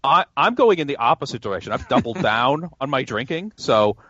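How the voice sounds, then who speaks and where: A man's voice: mid-range voice, very animated, a little fast, pushed and bright, no echo, highs cut off. A man co-hosting a podcast, joking and self-deprecating in casual chat. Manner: jokey, self-deprecating, laughs often. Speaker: podcast guest co-host.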